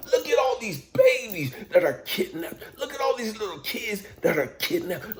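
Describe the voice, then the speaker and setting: A man giving an emotional spoken monologue as a life coach, heavily profane and intense, swinging from loud outbursts to near whispers. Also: high voice, slight background noise.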